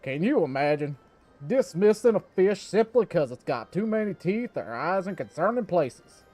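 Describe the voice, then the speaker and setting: A man's voice: sits high, expressive, moderate pace, darkish tone, soft background music, voice pushed up. A man doing a theatrical fishmonger. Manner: grand, theatrical storyteller delivery. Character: eccentric male fishmonger, theatrical and dreamy.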